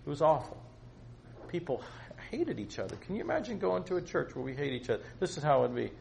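A man preaching in an echoey church hall, with a lively, swooping voice pitched a little high. He jokes with the young people listening and swings from loud outbursts to quiet asides. Faint room noise hangs behind him. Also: fast talker, gravelly. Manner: animated, joking, swings between loud and soft. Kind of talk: sermon to a youth congregation.

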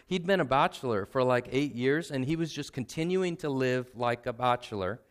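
This pastor, a man who may be in his thirties, preaches with a clear, resonant mid-range voice and lively intonation. He talks at a normal pace with hardly any pauses, sounding earnest and emotional, nearly tearful at moments. Conversational in style, he repeats himself and keeps tossing in "right?"

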